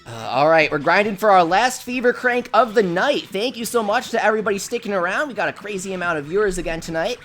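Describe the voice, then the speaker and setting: A woman's voice: medium pitch, lively intonation, fast talker, hardly any pauses, fairly bright tone, a little hiss or hum. A woman from the United States hosting a casual gaming livestream, chatty and reading viewer comments aloud. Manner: chatty, reads chat aloud, gushes over pets.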